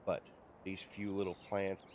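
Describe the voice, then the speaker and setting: Over loud background noise, a man speaks in a low, monotone voice, a little slowly, while streaming a farming game. He rambles in a chatty way, narrating what he's doing and talking to himself in casual gameplay commentary.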